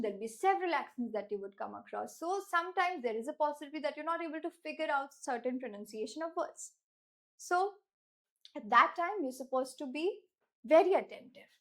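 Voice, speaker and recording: High-pitched Indian English teacher. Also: female voice, lively intonation. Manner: clear, deliberate, slows down to stress key words. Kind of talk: instructional lesson.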